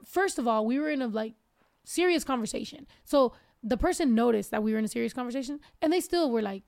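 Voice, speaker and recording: Foul-mouthed woman host, kinda high voice, dry close mic, loud storytelling. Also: rapid-fire, creaky, no echo. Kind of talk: casual podcast chat.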